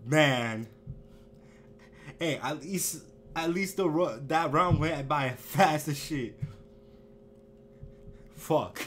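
A young man giving casual, profanity-heavy commentary while playing a video game, swinging from low muttering to sudden loud outbursts. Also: extremely slow, pauses often, a little hiss or hum. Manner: swings from mumbling to yelling, heavy swearing. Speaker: gamer. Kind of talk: live gameplay commentary.

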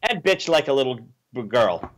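A man's voice: medium pitch, sing-song, moderate pace. A man hosting a casual movie review chat, sarcastic, mocking characters with exaggerated voices. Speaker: podcast host.

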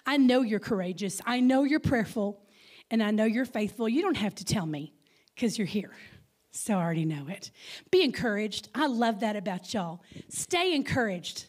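A woman's voice: mid-range voice, expressive, normal speed. A woman in her fifties with a Texas accent, giving a playful Mother's Day sermon and calling out questions to the congregation. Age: 50s. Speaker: guest speaker. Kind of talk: Mother's Day sermon with audience call-and-response.

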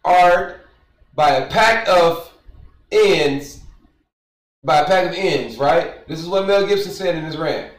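Male streamer, emphatic commentary with repetition, a bit high-pitched, recorded off-mic in a reverberant room. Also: slow, long pauses, recorded from a distance. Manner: animated, emphatic, repeats his points. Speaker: streamer reacting to news. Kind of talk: reading texts aloud and ranting in commentary. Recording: roomy, away from the mic.

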